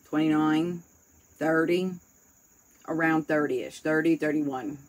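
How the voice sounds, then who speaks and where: A woman's voice: deep voice, steady tone, slow pace, low-quality recording. A woman with a New York accent chatting casually, candid and rambling, swearing freely as she talks. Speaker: host. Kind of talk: casual chat.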